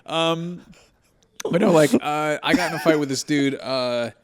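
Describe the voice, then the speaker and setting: A man in his thirties co-hosts a podcast, telling a story during casual chat with lots of swearing; he's a profane, animated storyteller. His voice is on the high side and his pace measured.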